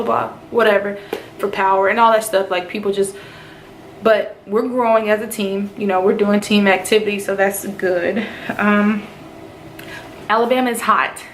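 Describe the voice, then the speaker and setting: Woman, from North Carolina, casual vlog, animated storyteller, quotes others in character, echoey room. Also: mid-range voice. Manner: animated retelling, acts out quoted speech. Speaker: nurse in officer training. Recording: roomy echo, faint background noise.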